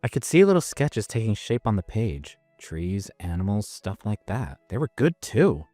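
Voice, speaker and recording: A man tells a first-person story in a casual, self-mocking way. His voice is on the low side but rises and falls with plenty of life. The recording is dry and close, with faint music beneath. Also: very animated, normal speed, dark tone, dry recording. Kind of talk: first-person scripted narration.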